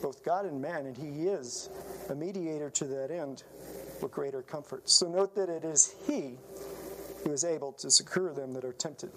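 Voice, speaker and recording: A man's voice: fairly high pitch, normal speed, noisy background. A man preaching a sermon in an earnest, emphatic manner, often letting his phrases trail off.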